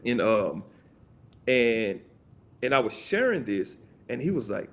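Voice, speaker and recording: Animated, rambling man in casual chat. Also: medium pitch, slow, pauses often. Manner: animated, rambling, many fillers and restarts. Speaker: podcast guest.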